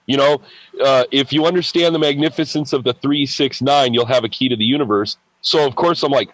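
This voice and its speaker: Excitable man telling his story. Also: medium pitch, dry recording, low-quality recording. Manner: repeats words and restarts often. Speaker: podcast guest. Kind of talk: personal spiritual storytelling.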